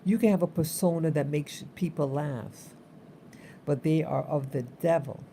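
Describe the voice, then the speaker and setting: A woman's voice: low voice, a little slow, dark tone, slight background noise. A woman vlogger telling a story in a casual, rambling way, repeating herself for emphasis.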